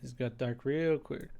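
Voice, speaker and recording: Man, let's-play commentary, reads game lines aloud, wry asides, gravelly voice. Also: medium pitch, a little mellow. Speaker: gaming streamer.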